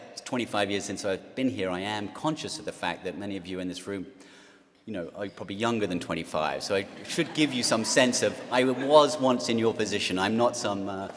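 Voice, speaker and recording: A man's voice: fairly low pitch, a bit bright, slight background noise. A man in his forties with an English accent, giving a self-deprecating speech to an audience, with many fillers and restarts. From England. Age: 40s. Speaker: guest speaker. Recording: long hall reverb.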